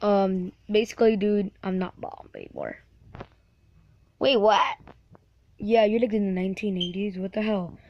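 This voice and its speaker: A woman voicing a sulky male cartoon bomb bird in a fan toy role-play, talking in a grumbling, halting way with fillers. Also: mid-range voice, very animated, muffled recording. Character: low-voiced male cartoon bomb bird, sulky, fussy about his name.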